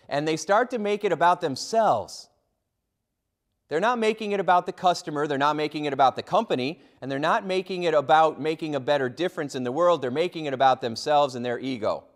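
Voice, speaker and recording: Lively man telling customer service stories. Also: fairly high pitch, brisk. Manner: lively, acts out quoted voices. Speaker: motivational speaker. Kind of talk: humorous keynote storytelling.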